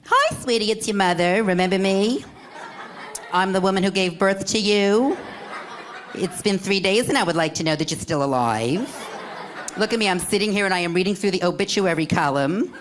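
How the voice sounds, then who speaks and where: A man's voice: high-pitched, expressive, normal speed, slight background noise. A man voicing a nagging middle-aged mother leaving a rambling, guilt-tripping answering machine message. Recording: loud crowd laughter.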